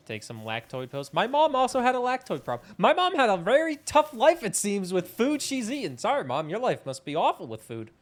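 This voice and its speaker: A young man chats casually on a live game stream, wandering from topic to topic with a self-mocking edge and casual swearing. His voice sits a little higher than most men's. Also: wildly swooping pitch, fairly quick, hardly any pauses. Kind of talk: casual live-stream chat while gaming.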